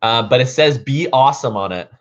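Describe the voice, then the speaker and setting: A man's voice: medium pitch, fairly quick. A man vlogging, casually telling a long story to his viewers, rambling with lots of "like" and "um" fillers. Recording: dull lo-fi recording.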